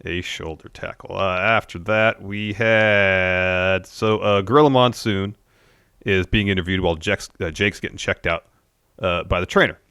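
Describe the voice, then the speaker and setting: Low-pitched guy co-hosting a podcast, laid-back, dry deadpan replies, close dry mic. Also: a little slow, clear, resonant tone, no room sound. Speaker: podcast co-host. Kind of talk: casual wrestling review chat.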